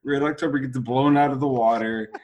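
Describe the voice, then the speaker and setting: A man co-hosting a casual movie podcast, animated, laughing often and acting out quotes. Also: medium pitch, brisk, crowd noise. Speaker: podcast co-host. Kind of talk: casual movie review chat.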